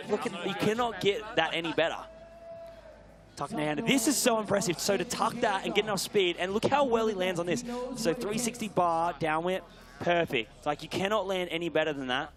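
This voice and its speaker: A man giving live BMX commentary, excitable, often shouting and gasping at big tricks. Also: high voice.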